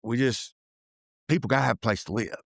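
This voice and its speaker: A man in his fifties, a real estate developer from Tennessee, speaks in a middle-pitched voice recorded dry and close. He tells candid stories and acts out the dialogue as he goes. He trails off and restarts mid-thought, like someone who is thinking aloud. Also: brisk, vocal fry, slightly rough, dry recording. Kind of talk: candid storytelling interview. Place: office room.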